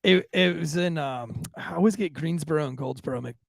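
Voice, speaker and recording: A man jokes crudely through a podcast chat, swearing as he tells stories. His voice is high and gravelly, with big swings in pitch. The sound is dry and close. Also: fairly quick, no echo. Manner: crude, joking, swears freely. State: married. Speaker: podcast co-host. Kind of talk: casual chat.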